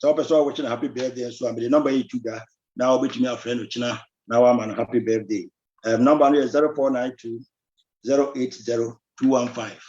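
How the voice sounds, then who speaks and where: A man's voice: mid-range voice, steady tone, fast, darkish tone, lo-fi sound. A man with a Ghanaian accent hosting a live diaspora talk show. He greets viewers by name, mixes Twi and English, and reads out phone numbers. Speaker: host. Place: Belgium.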